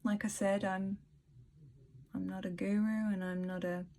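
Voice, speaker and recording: Woman vlogger, mid-height voice, gentle rambling delivery with frequent laughs. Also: mid-range voice, flat delivery, unhurried. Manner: soft-spoken, rambling, laughs often. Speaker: spiritual vlogger. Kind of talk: casual spiritual talk and reading.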